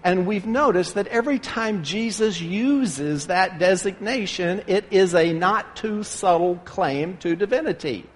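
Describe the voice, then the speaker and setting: A man preaching a sermon from the pulpit, earnest and measured, with dramatic pauses. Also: high voice, lively intonation. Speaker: pastor. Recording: long hall reverb.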